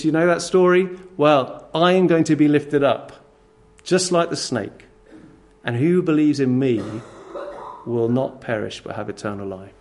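A man preaching a sermon, his voice sitting a little high for a man. He speaks with strong emphasis and turns straight to his listeners, pressing commands on them. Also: vocal fry, a little mellow.

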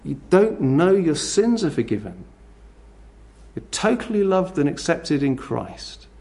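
A man's voice: on the high side, very animated, measured pace, mellow. A middle-aged man preaching a sermon, earnestly pressing his listeners with repeated direct questions. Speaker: pastor.

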